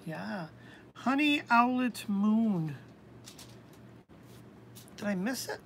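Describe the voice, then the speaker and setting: A woman hosting a live-stream tarot reading, talking hesitantly with many pauses and ums. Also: medium pitch, lively intonation, slight background noise.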